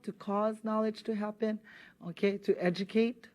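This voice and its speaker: A woman teaching a language lesson in a studio, patiently spelling out words and slowing down so viewers can repeat after her. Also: medium pitch, fairly even intonation, a little mellow. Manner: patient, drills words slowly for repetition.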